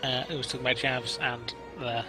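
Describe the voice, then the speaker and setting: A man's voice: mid-range voice, flat delivery, a little fast, music in the background. A man co-hosting a casual podcast chat, rambling and playful with lots of fillers. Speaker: co-host.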